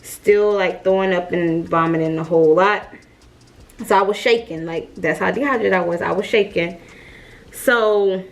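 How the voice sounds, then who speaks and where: A woman's voice: on the low side, moderate pace. A woman vlogger casually telling a personal story straight to her viewers, chatty and full of fillers, while she straightens her hair. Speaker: mom vlogger.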